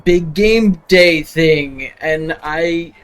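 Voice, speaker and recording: A man's voice: fairly high pitch, drawn-out words, smooth, faint music behind. A young man hosting a live stream, chatting casually with lots of fillers and frequent laughter. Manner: rambling, laughing often, full of fillers. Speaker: livestream host.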